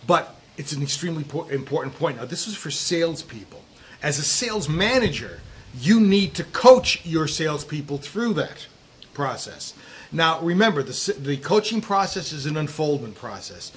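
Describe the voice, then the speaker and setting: A middle-aged man giving sales coaching to camera outdoors, talking emphatically with drawn-out stresses and dropping low at times. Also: big pitch swings. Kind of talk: direct-to-camera coaching talk. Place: outdoors in a breezy warm place. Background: wind noise.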